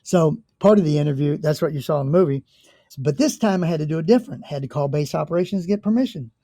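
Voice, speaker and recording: An American man in his sixties, a guest telling stories in a lively way, swearing casually and acting out the people in them. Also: fairly high pitch, fast talker, no echo, clean studio sound. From United States. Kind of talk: conversational storytelling.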